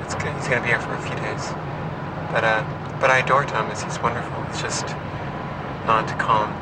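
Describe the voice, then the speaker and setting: A man talking into his own camera in a casual video diary. He speaks haltingly, with many fillers and restarts, and yells excitedly while chasing birds out of his apartment. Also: fairly low pitch. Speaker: diarist filming himself. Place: home apartment, then a car. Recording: steady background noise from traffic and a car.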